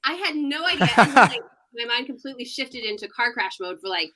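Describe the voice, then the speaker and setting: A woman in her thirties, a sports reporter guest on a casual podcast interview, telling stories in an animated way and laughing often. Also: a little high, a little fast.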